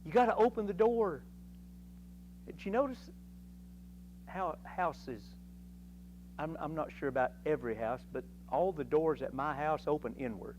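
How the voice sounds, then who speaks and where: Guy teaching sunday school, kinda high voice, folksy and lively, faint hum in the back. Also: unhurried, lo-fi sound. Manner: folksy and animated, acting out voices. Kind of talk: Bible lesson. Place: church classroom.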